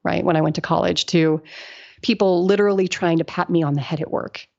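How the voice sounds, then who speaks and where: A middle-aged woman with a lowish voice tells stories as a podcast guest. She talks in a lively way, laughs often, and acts out the people she quotes. The audio sounds dull and lo-fi. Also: brisk, vocal fry. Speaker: guest engineer. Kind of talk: casual interview storytelling.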